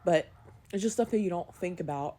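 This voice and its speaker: A woman's voice: fairly low pitch, a little fast, warm tone, a little hiss or hum. A young woman vlogging candidly as a new mom, emotional and close to tears, her voice wavering and sometimes dropping to a whisper. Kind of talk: candid personal vlog.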